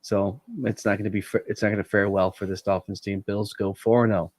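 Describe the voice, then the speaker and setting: Man, low flat voice, hesitant sports podcast co-host, dry sound. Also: brisk, dry recording. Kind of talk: casual sports panel chat.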